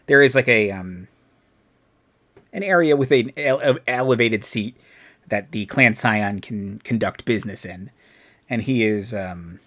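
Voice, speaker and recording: A man's voice: on the low side, a bit bright. A man narrating a tabletop game as game master, hesitant, with many ums and uhs.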